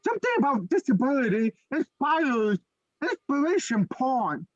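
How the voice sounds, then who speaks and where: A man with the speech of a deaf person, co-hosting a casual chat and telling lively stories. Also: moderate pace, no echo, highs cut off. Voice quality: deaf speech that listeners hear as unusual. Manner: animated storyteller, swings his pitch widely. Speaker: podcast co-host.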